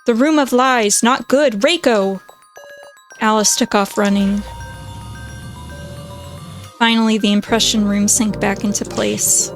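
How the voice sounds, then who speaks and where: A woman reading a visual novel aloud as a let's-play host, in a slow, measured way. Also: medium pitch, fairly even intonation, soft background music.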